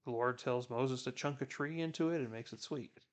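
A man's voice: medium pitch, brisk. A man giving casual Bible commentary, chatty, retelling scripture in everyday words.

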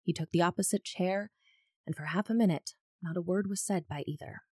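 A woman co-hosting a casual book podcast, reading narration aloud and chatting in an expressive, lively way. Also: fairly low pitch, brisk, slightly rough, no echo, studio quality. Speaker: podcast co-host.

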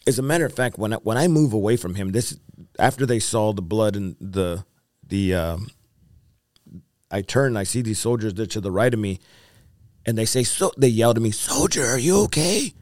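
A man's voice: fairly low pitch, moderate pace, a little mellow, no echo, clean studio sound. A male evangelist, the interview guest, tells his story in an earnest, rambling way with repeated phrases and fillers. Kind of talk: testimony in a podcast interview.

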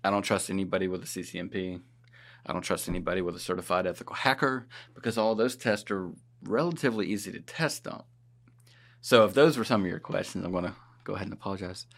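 A man's voice: low voice, fast talker, vocal fry. Joking, blunt man hosting a podcast. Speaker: podcast host. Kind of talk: casual podcast chat.

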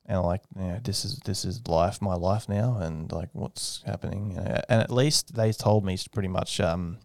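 A young man chats as an interview guest in a fairly low voice. He tells his story with animation, often jumping high to mimic other people. The sound is dry and close. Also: normal speed, vocal fry, a little mellow, dry recording. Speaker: aerospace engineer guest. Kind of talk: casual interview conversation.

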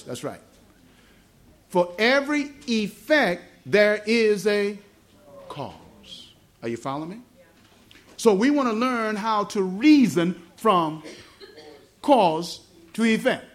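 A Southern US evangelist teaches a small church meeting, his voice sitting high for a man. He keeps checking whether the congregation follows him and spells words out slowly. His pitch rises and falls in wide, animated swings. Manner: asks the congregation questions, explains words slowly. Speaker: gospel evangelist. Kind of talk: teaching sermon.

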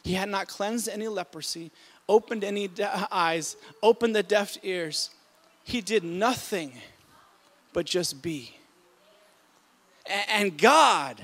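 A male pastor with a strikingly high, bright, forceful voice delivers an impassioned sermon. He swings between quiet, reflective passages and sudden loud emphatic bursts. He often repeats and restarts words mid-sentence as he preaches. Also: animated, takes it slowly.

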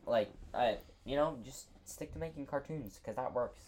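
A man's voice: medium pitch, moderate pace, darkish tone, slight background noise. A man co-hosting a casual podcast, rambling with frequent filler words. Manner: filler-heavy, says "like" a lot. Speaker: podcast co-host. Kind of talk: casual chat.

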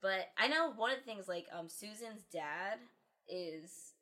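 A bright, clear-voiced woman talks casually on a podcast. She tells her stories with animation and acts out the quotes as she goes, with laughter breaking in often. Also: medium pitch, expressive, a little slow. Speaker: podcast co-host. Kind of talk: casual chat.

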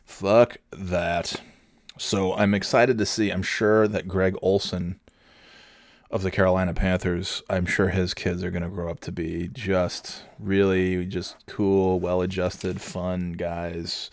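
Lowish voiced guy ranting on his show, sarcastic, swears a ton, dry close sound. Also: flat delivery, slow pace, no room sound. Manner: profane, sarcastic, rambling. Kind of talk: casual talk-show rant.

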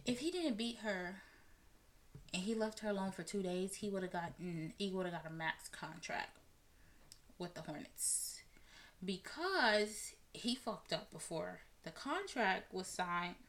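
A woman hosting a casual talk podcast, giving blunt and animated commentary and swearing freely. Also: mid-range voice, measured pace. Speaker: podcast host. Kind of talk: casual commentary on celebrity news.

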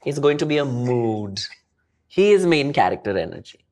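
A young adult podcast guest with an Indian accent, talking casually, effusive and expressive, laughing often and mixing Hindi into English. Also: mid-range voice, normal speed. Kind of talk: casual conversation.

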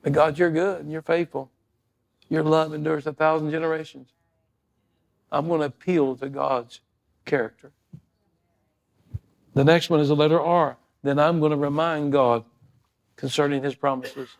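A male pastor preaching a sermon, moving from quiet, prayerful talk to loud, fervent passages and acting out stories in character voices. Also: on the high side, fairly even intonation, normal speed, creaky, long pauses.

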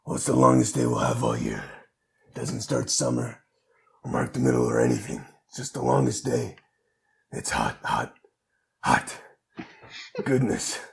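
A man doing a gravelly brooding vigilante. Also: very animated, full character voice. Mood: growling. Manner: low growly delivery with dramatic pauses. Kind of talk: comedic impression game.

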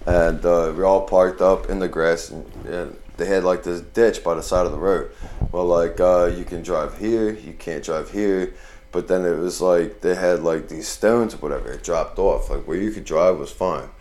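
Deep-voiced laid-back man. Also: steady tone, moderate pace, darkish tone. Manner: laid-back slangy storytelling. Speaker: podcast co-host. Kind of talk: casual chat among friends.

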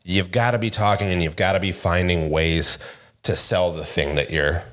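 A middle-aged man co-hosting a podcast, telling animated stories in casual chat and laughing often. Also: deep voice, normal speed. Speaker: podcast co-host.

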